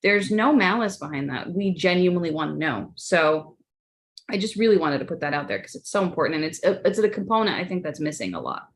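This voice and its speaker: A woman's voice: on the low side, lively intonation, fairly quick. A woman on a panel discussion, explaining earnestly and acting out quoted lines. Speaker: panelist on neurodiversity team.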